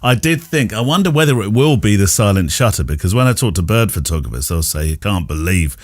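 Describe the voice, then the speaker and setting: A man's voice: on the low side, animated, brisk, no echo, clean studio sound. A man, hosting a podcast interview in casual chat, thoughtful and prone to stammering restarts. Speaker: podcast host.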